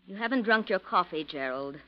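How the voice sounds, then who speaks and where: An actress playing a restless, scheming young wife, in melodramatic 1940s radio acting. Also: female voice, mid-range voice, expressive, a little fast, close to an everyday voice. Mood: defensive. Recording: noisy, dull old radio recording.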